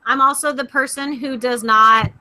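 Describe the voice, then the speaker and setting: A woman's voice: high voice, moderate pace. A young woman co-hosting a podcast, telling stories in casual chat with lots of laughs. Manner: animated, laughing storyteller. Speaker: podcast co-host.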